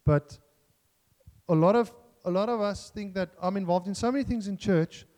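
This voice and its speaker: A man's voice: high-pitched, moderate pace, darkish tone, long reverb tail. A man preaching a sermon in an earnest, self-deprecating way, joking and restarting as he talks.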